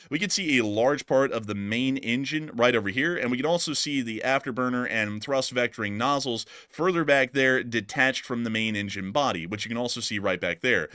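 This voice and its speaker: A man's voice: medium pitch, sharp tone, no echo, clean studio sound. An American man hosting a live war-news stream, talking to viewers with plenty of filler words. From United States. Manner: talkative, many filler "uh"s, addresses viewers as folks. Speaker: war news show host.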